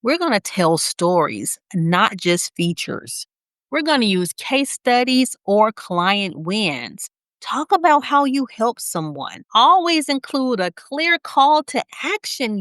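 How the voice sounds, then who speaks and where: A woman with a Southern US accent teaching a motivational business lesson, speaking slowly with deliberate pauses and a smiling, energetic delivery. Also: a little high, no room sound, clean studio sound. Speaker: business coach for nurses.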